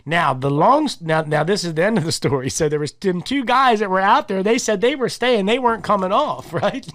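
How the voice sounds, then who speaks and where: A man with a slightly high voice spins a rambling, animated yarn, stumbling over repeated words and chuckling as he goes. He speaks close to the mic in a dry, dead room. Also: a little fast, no echo. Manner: rambling, animated storyteller, repeats words, laughs while talking. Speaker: podcast host. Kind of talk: casual chat.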